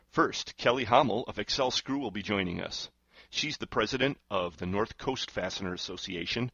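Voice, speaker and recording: Male talk radio host, dry close mic, bright edgy tone, smooth upbeat announcer style. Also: on the low side, no echo, dull audio.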